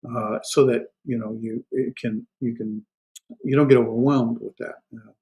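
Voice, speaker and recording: A man with a middle-pitched voice gives a recorded classroom lecture on grammar. His talk is loose and full of "uh" and self-corrections. He slows down sharply when he sounds out example words one syllable at a time. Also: steady tone, dull audio. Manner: frequent fillers and self-corrections, explanatory. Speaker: Hebrew instructor.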